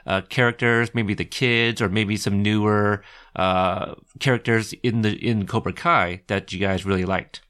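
A man's voice: lowish voice, steady tone, a little slow, fairly bright tone, smooth. A man hosting a podcast, asking his guests casual questions with frequent fillers. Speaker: podcast host. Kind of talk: casual interview.

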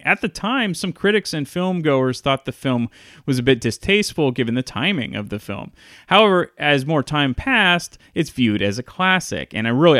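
A man's voice: mid-range voice, fairly bright tone, no room sound, clean studio sound. A man reviewing a classic film in a casual, enthusiastic video. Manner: enthusiastic, chatty retelling. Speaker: movie reviewer.

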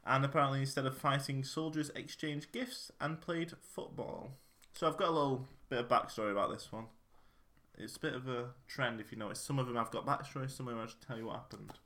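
A man's voice: mid-range voice, fast talker, bright, forceful tone. A man hosting a podcast in a casual, chatty way. He reads out history facts, jokes around and often trips over his words. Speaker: podcast host.

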